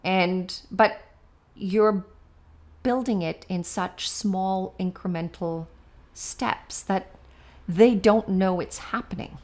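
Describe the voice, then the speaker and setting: A woman educator in a casual podcast discussion, explaining her methods step by step, often checking in with "right?" and turning playful and animated as she acts out examples. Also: medium pitch, takes it slowly.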